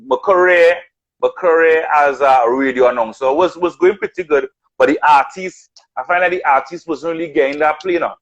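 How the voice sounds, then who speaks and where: Storytelling man, high-pitched. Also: normal speed, dull audio. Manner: animated storyteller, acts out quotes. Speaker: radio announcer and artist. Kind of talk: casual storytelling chat.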